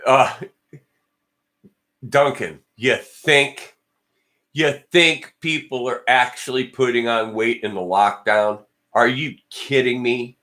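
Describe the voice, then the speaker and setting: A man's voice: medium pitch, steady tone, slow pace, sharp tone. A man hosting a casual livestream, rambling and joking as he talks back to viewer comments. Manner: joking and blunt. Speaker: guitar channel host.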